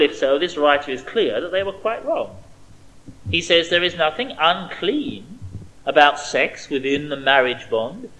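A man preaching an expository sermon, stressing key words and dropping to quiet asides. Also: a little high, poor audio.

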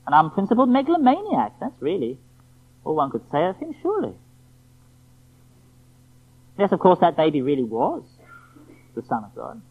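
Lively preacher on a tinny recording. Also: mid-range voice, normal speed, long pauses, breathy edge. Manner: rhetorical, emphatic, full of questions to the listeners. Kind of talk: evening sermon. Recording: tinny phone-like lo-fi sound.

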